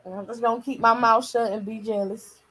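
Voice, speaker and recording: A woman's voice: on the high side, fairly even intonation, fairly quick, a bit bright, low-quality recording. A woman hosting a wrestling channel, chatting casually and slangily with viewers on a live stream while tired and yawning.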